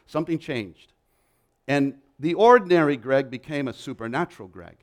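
A man preaching a sermon, emphatic and building his points through repeated lists. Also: mid-range voice.

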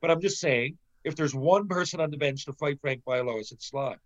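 His voice is a little high and fairly quick, heard through a muffled recording. The middle-aged Canadian, once a pro hockey player, shares a casual tale thick with swearing, animatedly voicing the quoted lines.

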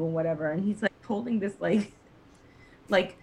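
A woman's voice: mid-range voice, moderate pace. A woman co-hosting a podcast, rambling casually with lots of fillers, laughs and swearing. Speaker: podcast co-host. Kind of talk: casual chat recapping a TV show.

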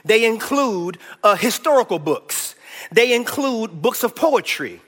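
High, bright-voiced enthusiastic preacher. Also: male voice, sing-song, unhurried. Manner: enthusiastic, coaxing the room to answer aloud. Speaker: preacher teaching a Bible class. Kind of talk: call-and-response Bible lesson. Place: church hall. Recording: echoey church hall.

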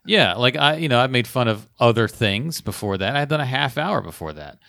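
A man's voice: medium pitch, a little fast, creaky, no echo, clean studio sound. A man, a stand-up comedian, telling a story in a casual chat and acting out the people he quotes. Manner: animated storyteller, acts out quotes. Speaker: stand-up comedian, podcast guest.

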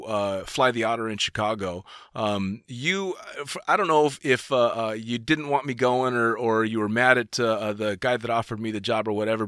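Bright, dry-voiced man hosting casually. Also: medium pitch, dry recording. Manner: profane, rambling with many fillers. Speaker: podcast host. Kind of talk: casual storytelling chat.

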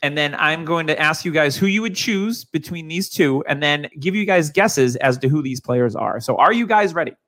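A man with a fairly high voice hosts a casual sports podcast. He reads out quiz stats and asks his co-hosts questions in an upbeat, quizmaster-like way. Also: lively intonation, moderate pace, hardly any pauses, a bit bright. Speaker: podcast host running a quiz segment.

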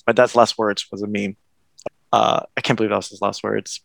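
A man's voice: lowish voice, level tone, a little fast, gravelly, a bit bright, no echo. A young man, probably in his twenties, telling a personal story in casual conversation, rambling with restarts and nervous laughs. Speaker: guest.

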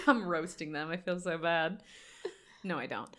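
A woman co-hosting a casual podcast chat, teasing and joking with quick interjections. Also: lowish voice, sing-song, a bit bright. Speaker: podcast co-host.

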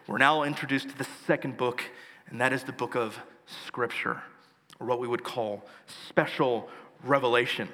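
A man's voice: mid-range voice, steady tone, normal speed, bright, forceful tone, big-room sound. A male pastor preaching a sermon, earnest and emphatic, building his points through lists.

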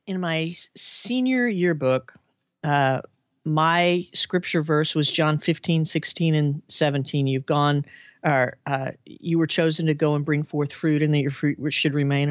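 Low-voiced woman telling stories. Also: unhurried, no echo, dull audio. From Arkansas, USA. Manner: animated, chatty, laughs often. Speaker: podcast guest. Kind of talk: casual storytelling interview.

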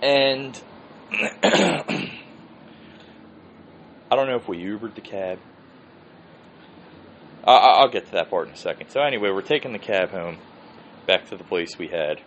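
In dull lo-fi audio with a faint hiss, a man with a fairly low, slightly bright voice hosts a podcast. He speaks at a measured pace with lively intonation and frequent pauses, spinning a rambling, swear-laden tale and laughing a lot.

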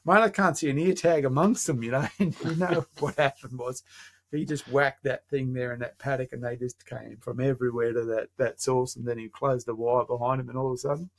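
An Australian man telling a casual anecdote, animated and acting out the lines of the people in it. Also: medium pitch, fairly quick. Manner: animated, acts out quoted dialogue.

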